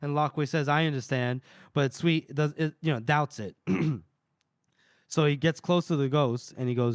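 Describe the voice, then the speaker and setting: A man's voice: mid-range voice, moderate pace, no echo, clean studio sound. A man co-hosting a casual book podcast, retelling a chapter's scenes and briefly voicing the characters' lines as he goes. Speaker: podcast co-host.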